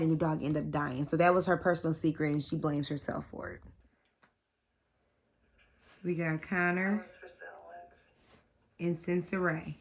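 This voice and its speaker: Woman, lowish voice, casual show recap, slangy, blunt, swears a lot, talks straight to viewers. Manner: slangy and candid, with frequent swearing; chatty asides to viewers.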